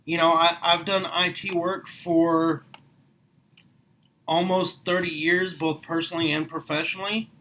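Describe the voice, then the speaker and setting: A middle-aged man giving a passionate motivational talk to the camera, his voice rising and getting louder as he gets worked up. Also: on the high side, low-quality recording. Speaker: small business owner recruiting for network marketing. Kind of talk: motivational vlog monologue.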